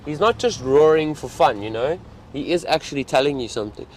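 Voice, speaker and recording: A man's voice: a little high, lively intonation, brisk. Chatty South African man in a safari vehicle. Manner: chatty, reads out viewer comments. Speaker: safari guide livestreaming. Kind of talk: casual live-stream chat. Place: open safari vehicle outdoors at dusk.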